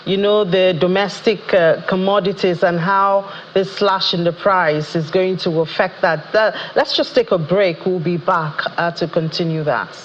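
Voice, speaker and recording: A television presenter hosts a live business segment, cutting in politely and moving briskly into and out of the break. The voice sits at a middling pitch. The broadcast sound is a little dull, with faint noise behind it. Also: fairly even intonation. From Nigeria. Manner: polite, brisk interruptions and segues. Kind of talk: live TV interview hosting. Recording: slightly dull TV audio.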